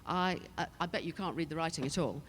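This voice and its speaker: This older British panelist talks fast in a low-pitched voice through a handheld mic, picking up a little hiss or hum. On the conference stage she spins chatty anecdotes full of laughter and asides.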